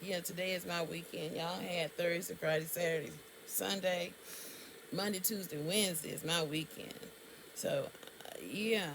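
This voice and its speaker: A woman's voice: fairly low pitch, fairly even intonation, a little slow, gravelly, background noise. A woman tells a story to camera in a casual, indignant way, and her voice jumps up sharply on exclamations. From Alabama, US. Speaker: vlogger.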